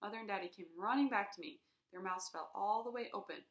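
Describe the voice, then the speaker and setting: A woman reading a children's chapter book aloud in an expressive way, acting out the sound effects. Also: medium pitch, quick pace, roomy sound. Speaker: reader.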